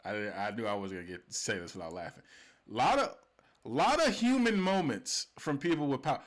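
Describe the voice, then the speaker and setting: Lively, laughing male podcast co-host. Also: mid-range voice, a little fast. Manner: animated, laughing, repeats and restarts, drops to a soft hushed voice. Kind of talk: casual chat.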